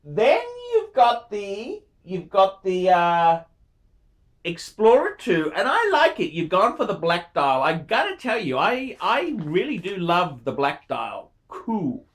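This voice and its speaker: Swearing, excitable man in his forties. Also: sits high, slow. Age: 40s. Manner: profane and emphatic, repeats words for emphasis; effusive, enthusiastic. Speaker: watch channel host. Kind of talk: casual review monologue.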